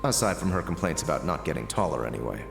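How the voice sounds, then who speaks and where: A man voicing a composed young nobleman in a video game, speaking in a measured, dry way. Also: rumbling low, sing-song, gravelly, over music, heavily acted.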